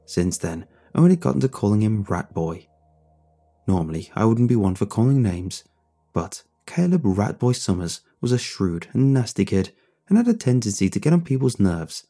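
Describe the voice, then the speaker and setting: A man narrating a first-person story in a measured, somber way. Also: on the low side, very animated, mellow.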